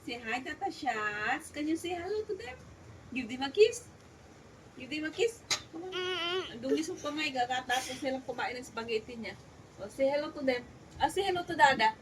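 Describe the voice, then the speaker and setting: A young adult Filipino woman vlogging at home, chatting casually and cooing softly to her small child in between talk to her viewers. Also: high-pitched, lively intonation, fairly quick, noisy background. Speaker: vlogger and mother. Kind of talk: casual home vlog chat.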